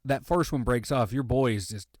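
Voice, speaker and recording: A man's voice: medium pitch, normal speed, darkish tone, no room sound, studio quality. A man with a Pittsburgh accent co-hosting a casual podcast, wry and grumbling with plenty of swearing. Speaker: podcast co-host. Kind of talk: casual chat.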